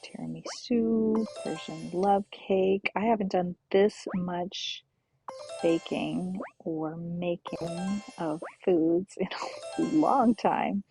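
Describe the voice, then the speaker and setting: A woman streaming a relaxed game, talking slowly and softly, often half-whispering as she goes. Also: fairly low pitch, faint music behind. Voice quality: gravelly, husky. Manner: slow, soft-spoken, often half-whispered. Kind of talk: relaxed gameplay commentary.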